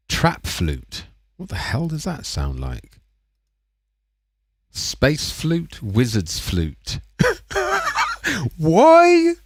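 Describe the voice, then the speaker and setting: A man's voice: lowish voice, a bit bright, dry recording, clean studio sound. A man, rambling and chatting casually while making music on a livestream. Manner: rambling, chatty and self-mocking. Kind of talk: casual live-stream chat.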